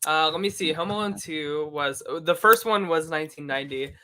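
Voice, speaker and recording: A man's voice: on the high side, brisk, sharp tone, smooth. A man in his thirties chatting casually on a podcast, telling rambling stories and laughing at himself. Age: 30s. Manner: easygoing, rambling storyteller who laughs at himself. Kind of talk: casual chat.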